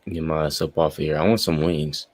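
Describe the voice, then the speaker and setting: A young man who sounds high, rambling and swearing freely as he casually signs off his live stream. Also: steady tone, fairly quick, darkish tone, no room sound. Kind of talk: casual stream sign-off chat.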